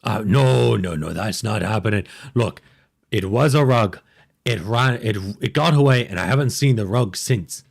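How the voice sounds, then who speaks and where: A man's voice: fairly low pitch, lively intonation, normal speed, gravelly, slightly rough, heavily acted. A man voicing a panicky, paranoid male gnome king who talks in frantic, insistent bursts.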